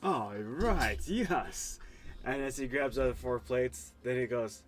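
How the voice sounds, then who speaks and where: A man's voice: mid-range voice, animated, slow, soft background music. A man playing in a tabletop game, laid-back, chuckling and stammering. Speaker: player. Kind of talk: casual tabletop role-play.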